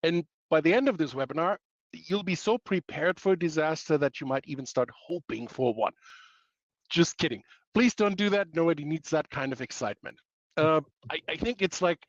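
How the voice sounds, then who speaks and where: A man's voice: fairly high pitch, dry recording, muffled recording. A man presenting a webinar in a playful way, packed with pop-culture analogies and self-mocking asides.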